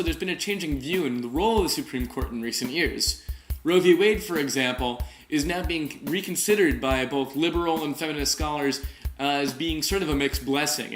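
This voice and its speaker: A man's voice: medium pitch, a bit bright, echoey room. A man hosting a weekly political commentary show, wry, opinionated and direct. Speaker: host.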